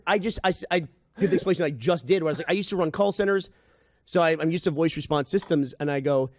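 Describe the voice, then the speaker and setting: A man on a podcast telling a story in casual chat, animated and acting out the voices of the people he quotes. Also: on the high side, rapid-fire, dry recording, studio quality. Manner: animated, acts out quoted dialogue. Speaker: podcast host. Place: podcast studio.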